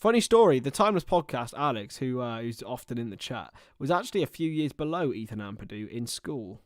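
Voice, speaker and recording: A young man calls football over a livestream in a casual watchalong style, flitting between player names and loose, chatty tangents. His voice sits at an ordinary middle pitch. The sound is close and dry, with no room around it. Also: lively intonation, a little fast, no echo. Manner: chatty, rambling asides between play-by-play. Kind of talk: casual watchalong match commentary.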